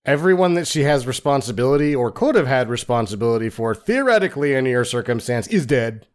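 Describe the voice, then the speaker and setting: A man's voice: medium pitch, lively intonation, fairly quick. A man co-hosting a podcast, giving blunt, frank opinions in casual chat, with swearing. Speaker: podcast co-host.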